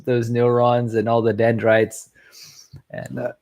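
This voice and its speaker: A man's voice: medium pitch, level tone, extremely slow, pauses often. A middle-aged man recording a casual video message at home, chatting in a rambling way and chuckling often. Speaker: family member sending a video message.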